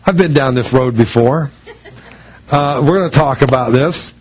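A man's voice: medium pitch, normal speed, a little mellow, slightly rough, low-quality recording. A man preaching a sermon in a conversational way, telling a personal story with many restarts and acting out the other people's lines in dialogue. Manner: acts out quoted voices in dialogue.

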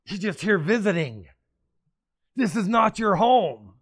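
A male pastor preaching a sermon, emphatic and excitable, repeating phrases and bursting into sudden shouts. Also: high voice, unhurried, long pauses.

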